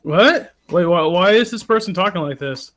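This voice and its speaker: A man's voice: sits high, lively intonation, normal speed, a bit bright. Hesitant man playing a tabletop game. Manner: hesitant, with many ums and restarts. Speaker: player. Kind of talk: casual tabletop play.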